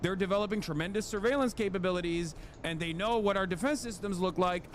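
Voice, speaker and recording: A man streaming, reacting to the news in a heated, profane rant that breaks into shouts. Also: high voice, fast talker, slight background noise. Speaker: live streamer.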